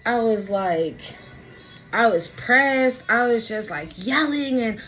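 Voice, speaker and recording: A woman's voice: a little high, lively intonation, takes it slowly, a bit bright, soft background music, low-quality recording. Chatty, blunt young tarot reader woman. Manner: candid, chatty, swears freely, keeps checking in with "okay?"; repeats herself for emphasis. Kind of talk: casual tarot reading vlog.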